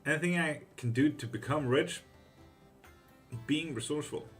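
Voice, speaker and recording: A man's voice: fairly high pitch, normal speed, fairly bright tone, soft background music. A man hosting a casual livestream tarot reading who reads viewers' questions aloud and answers them bluntly, swearing freely.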